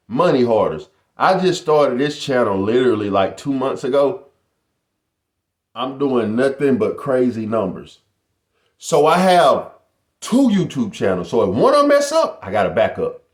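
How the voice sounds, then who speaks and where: A man's voice: mid-range voice, big pitch swings, a little slow, echoey room. A middle-aged man talking casually to his viewers in a boastful, motivational vlog style. He keeps calling them "y'all.". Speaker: YouTuber.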